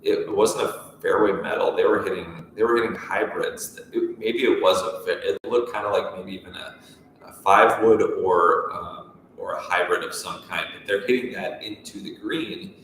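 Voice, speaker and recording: A man's voice: low-pitched, steady tone, moderate pace, a bit bright, slight background noise. A man co-hosting a casual golf talk show, chatting in a rambling way with many restarts. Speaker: golf pro co-host. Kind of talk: casual chat. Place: room at a golf course. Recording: echoey room, mic far off.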